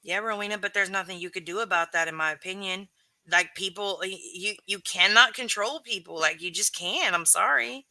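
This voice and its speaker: A woman's voice: medium pitch, a little fast, bright, forceful tone, no echo. A woman hosting a live stream, reading chat and giving her candid, emphatic opinions with casual swearing.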